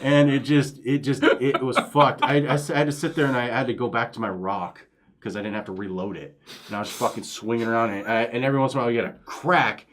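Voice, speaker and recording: A man co-hosting a casual gaming talk show, swearing freely and telling animated stories. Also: mid-range voice, fast talker, slight background noise. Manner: profane, animated storytelling. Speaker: podcast co-host.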